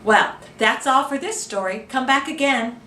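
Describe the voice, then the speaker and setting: A woman's voice: high voice, moderate pace, reverberant, recorded from a distance, slight background noise. A woman librarian reading a picture book aloud for children, stopping to ask listeners questions. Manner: animated, asks listeners questions. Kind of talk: children's storytime read-aloud.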